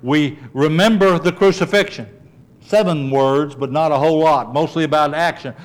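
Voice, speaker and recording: A man delivers a sermon with a slightly higher voice than most men. He keeps it conversational, with quick asides to the congregation. When he quotes scripture, he sinks low and soft. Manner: conversational preaching, asides like "okay" and "don't sweat it". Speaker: pastor.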